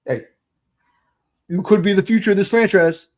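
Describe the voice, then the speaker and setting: On a football podcast, a co-host puts on a bossy, taunting voice to call out a player, mocking him in a hollering address. His voice sits high, a little mellow and lightly acted, at a moderate pace.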